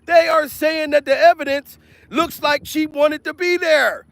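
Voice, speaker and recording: A man doing a loud, profane comedic commentary vlog, repeating himself and laughing between rants. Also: very high voice, fairly even intonation, a little slow, vocal fry, dry recording. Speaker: comedian vlogger. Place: outdoors.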